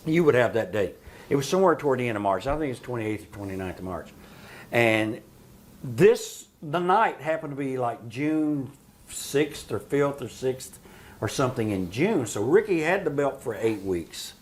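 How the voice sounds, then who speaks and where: Animated storytelling man, faint room noise. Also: mid-range voice, moderate pace. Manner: animated, profane storyteller who laughs often. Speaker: interview guest, retired wrestler. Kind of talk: shoot interview storytelling.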